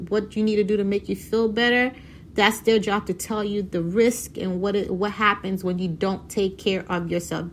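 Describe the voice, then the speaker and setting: A woman in her thirties from Haiti talking casually about her own life, animated and laughing often as she tells stories. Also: medium pitch, a little hiss or hum. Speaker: vlogger. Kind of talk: casual personal talk.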